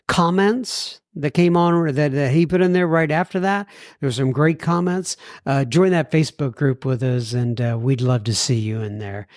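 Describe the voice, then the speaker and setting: Male podcast host, folksy, self-deprecating, reading listener mail, mid pitch, dry close mic. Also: darkish tone, no echo.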